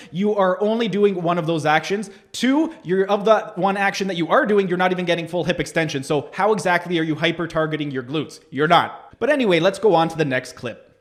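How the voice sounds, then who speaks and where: A man with a fairly high voice reviews workout footage as a health coach. He lectures point by point and turns sarcastic about the claims he is picking apart. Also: fairly quick. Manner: sarcastic, lecturing, explaining definitions. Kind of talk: critical video review commentary.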